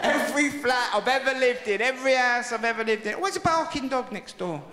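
A middle-aged man doing a live stand-up routine, telling stories in an animated, shouty way. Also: extremely high pitch, a little fast, a crowd in the background. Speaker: stand-up comedian. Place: large theatre with live audience. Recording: echoey live hall with loud audience laughter.

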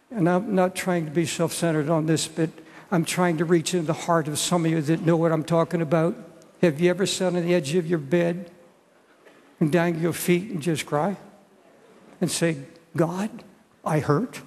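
Older preacher, gravelly and high. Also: male voice, a little mellow. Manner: earnest, halting with repeated restarts. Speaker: pastor. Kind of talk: sermon. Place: large church. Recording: church hall reverb.

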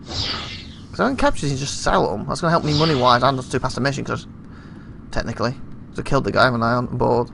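A man's voice: medium pitch, lively intonation, quick pace, vocal fry, pauses often. A man hosting a let's play, giving casual gameplay commentary and thinking aloud as he asks viewers questions. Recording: noisy home recording.

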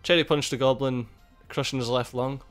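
A man giving casual, excitable gameplay commentary, swearing a lot and laughing at the game. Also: mid-range voice, normal speed. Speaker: gaming YouTuber. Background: faint game music.

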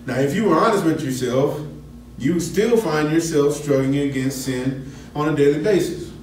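A man leads a Bible class in a conversational way, pausing to check in with his listeners. He sounds set back from the mic in a very echoey room. A faint hum of room ambience sits behind him. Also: fairly high pitch, darkish tone, far from the mic. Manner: conversational, asks the class questions. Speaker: Bible study teacher. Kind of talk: teaching a Bible lesson.

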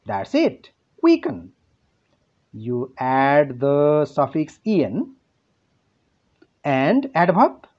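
A male English teacher with a Nepali accent walks pupils through a lesson, asking questions and answering them himself. His pitch rises and falls a lot, and the delivery is very unhurried. The voice is a little husky, and the recording sounds dull and lo-fi. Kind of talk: classroom lesson narration.

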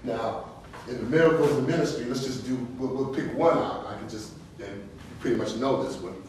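Man, Bible class teacher, casual, animated, echoey distant room. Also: brisk, a little hiss or hum. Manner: animated, laughing storyteller, rises high when excited. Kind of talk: informal Bible study teaching.

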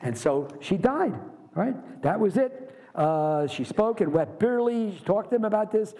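A man with a high voice teaches a university literature class. He speaks in a lively way and keeps putting rhetorical questions to his students. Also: moderate pace. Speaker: literature lecturer. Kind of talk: university lecture.

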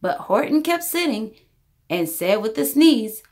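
Expressive woman reading a children's story. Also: fairly high pitch, a little slow. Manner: expressive rhyming narration. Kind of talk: children's story read-aloud.

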